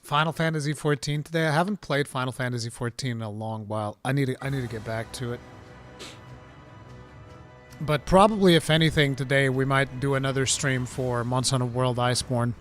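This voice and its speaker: A man hosting a live gaming talk stream, reading chat questions and chatting casually in an animated, rambling way. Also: mid-range voice, brisk, soft background music. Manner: animated, excitable, rambling with restarts.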